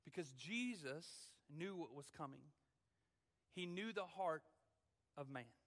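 A man's voice: fairly high pitch, big-room sound. A man, a student pastor, preaching a dramatic, emphatic sermon in a church. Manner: dramatic, emphatic, drawn-out phrasing.

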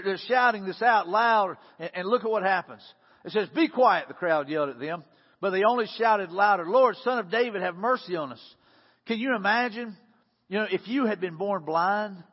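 A man's voice: high-pitched, husky. Man preaching conversationally in a reverberant space. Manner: conversational, repeats words, swings from loud to hushed. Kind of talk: sermon. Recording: dull sound with long reverb.

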